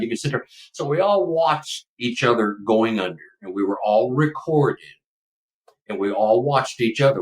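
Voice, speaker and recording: A man's voice: mid-range voice, fairly bright tone, recorded from a distance, poor audio. A man in his seventies from Texas, a podcast guest telling a personal story in a casual, emotional, rambling way.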